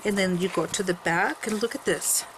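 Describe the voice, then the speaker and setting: A woman's voice: medium pitch, moderate pace, background noise. A woman casually showing off a handmade photo album at home. She rambles, restarts often, and fills gaps with fillers. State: coughing from allergies. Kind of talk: casual show-and-tell.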